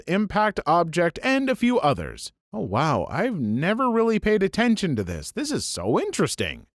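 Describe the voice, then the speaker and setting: Lively male narrator reading online stories. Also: fairly high pitch, no room sound, clean studio sound. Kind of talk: scripted narration of online posts.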